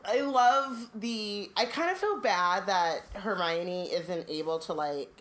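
A woman co-host talks things through in a musing, rambling way, with plenty of fillers. Her voice sits in a middle pitch and sounds plain. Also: expressive, slow pace, a bit bright. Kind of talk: casual chat and reading a book aloud.

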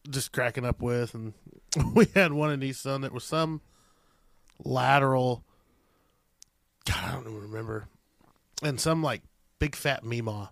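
A man hosting a casual podcast, telling stories in an animated, profane way and laughing as he goes. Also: medium pitch, measured pace, creaky, pauses often, no echo, studio quality.

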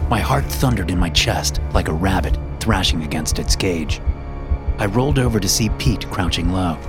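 A man narrating a first-person story in a measured, dramatic way. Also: low voice. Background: background music.

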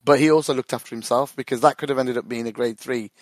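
A man's voice: mid-range voice, fairly even intonation, fast, dry recording. A man co-hosts a casual football podcast, rambling through his story with laughs and swearing. His voice sits in a middle register. The sound is dry and close, with no room around it. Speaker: podcast co-host.

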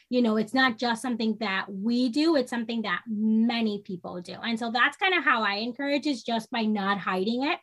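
A woman from New York state talks as a guest in a casual podcast interview. Her voice sits a little high, and she speaks earnestly and with energy. Now and then she acts out the voices of people she quotes. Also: fairly bright tone. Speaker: podcast guest, social worker.

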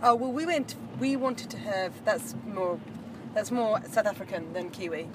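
A woman's voice: mid-range voice, normal speed, noisy background. A woman co-hosting a casual chat while riding in a car, telling stories in a chatty, giggly way. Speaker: podcast co-host. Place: inside a moving car.

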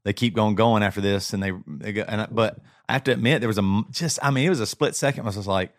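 A man's voice: fairly low pitch, dry recording, clean studio sound. Shaken man telling a story. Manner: shaken, halting, many restarts and repeats. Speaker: podcast co-host. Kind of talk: casual chat, personal story.

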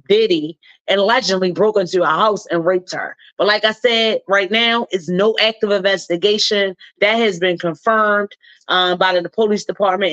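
A woman's voice: medium pitch, a bit bright, no room sound. Slangy woman radio host just talking her stuff, dry close mic, kinda dull lo-fi sound. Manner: chatty and slangy, with drawn-out emphasis. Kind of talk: casual commentary on celebrity news.

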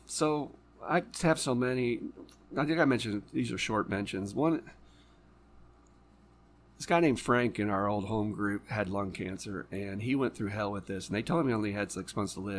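A man's voice: fairly low pitch, slight background noise. A man hosting a casual podcast conversation as an addiction counselor, swearing heavily as his passionate storytelling flares into angry rants. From lives in Florida.

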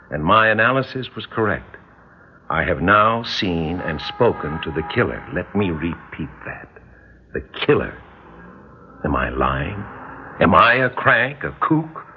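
A man's voice: lowish voice, slight background noise, close to an everyday voice. A man playing an insistent, probing psychologist in an old radio drama, talking in an intense, persuasive way. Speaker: doctor and hypnotist. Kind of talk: 1950s radio drama acting. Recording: dull lo-fi old radio recording.

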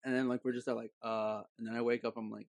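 A man's voice: mid-range voice, little pitch movement, racing, creaky, a little mellow, no room sound, studio quality. A young man chatting casually with friends, telling a story with many fillers. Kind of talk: casual chat among friends.

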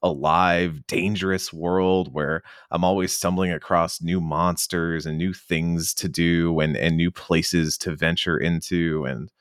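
A man talking enthusiastically on a casual game podcast, animated and quick to act out characters. His voice sits very low. The close mic leaves it dry. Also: clean tone, dry recording.

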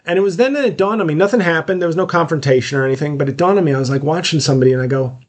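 A man's voice: fairly high pitch, very fast. A rambling man telling a story. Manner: rambling storytelling with frequent fillers and restarts. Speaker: podcast host, comedian. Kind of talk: casual monologue.

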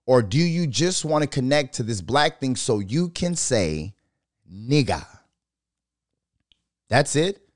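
A man hosting a podcast in heated commentary, his voice swinging widely in pitch as he rants. He swears freely and hammers his points with rhetorical questions. The sound is dry and close. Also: no echo. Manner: profane, fiery, fires off rhetorical questions. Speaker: podcast host.

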